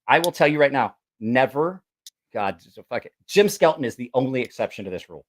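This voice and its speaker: A man's voice: mid-range voice, expressive, a little fast. A man hosting a casual podcast chat, a blunt and profane storyteller who acts out both sides of his anecdotes. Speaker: podcast host and knife sharpener.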